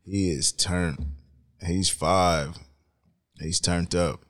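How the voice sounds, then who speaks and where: A man's voice: sits low, steady tone, extremely slow. A man co-hosting a casual podcast, bantering bluntly with heavy cursing. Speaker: podcast co-host. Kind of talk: casual chat.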